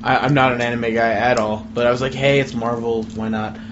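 A man's voice: medium pitch, little pitch movement, fairly quick. A man co-hosting a podcast in casual chat, joking and laughing between remarks. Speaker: podcast co-host. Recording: muffled recording with clear background noise.

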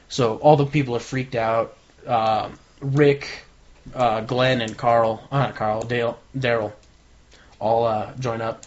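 This co-host's mid-range voice stays fairly level in pitch, and his pace is a little slow. Chatting casually, he recaps a TV episode with gusto, voicing the characters' lines, over a dull lo-fi recording.

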